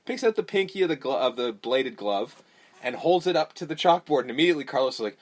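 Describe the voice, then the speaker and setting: A podcast host with a mid-range voice and quick pace runs through the plot of a horror movie. The chat is relaxed and profane, and he animatedly mimics the characters' lines as he goes.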